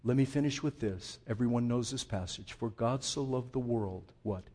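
A male pastor delivers an impassioned sermon, piling up rhetorical questions and swelling into loud, high outbursts. His voice has a husky, slightly breathy edge and sits at an ordinary middle pitch for a man. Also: moderate pace.

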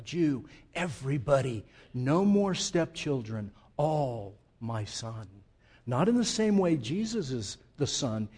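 In a church, a male pastor delivers a sermon, moving between hushed, slow passages and loud, emphatic declarations. His voice is mid-range and husky.

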